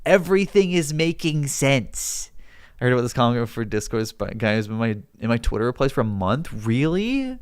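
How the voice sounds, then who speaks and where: A man's voice: mid-range voice, expressive, fast talker, few pauses, clean tone, no room sound, clean studio sound. A male livestreamer arguing with his chat, heated and exasperated, swearing as he reads out and answers comments. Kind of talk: live stream chat argument.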